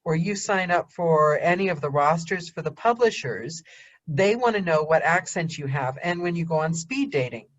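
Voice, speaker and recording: An American woman hosting a casual call, talking quickly and laughing often. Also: on the low side, lively intonation, highs cut off. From United States. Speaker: podcast host. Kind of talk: casual video-call chat.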